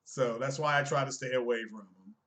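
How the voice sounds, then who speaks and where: A man's voice: mid-range voice, brisk, fairly bright tone. A man streaming casual commentary on tech and games, emphatic and chiding, asking his viewers rhetorical questions.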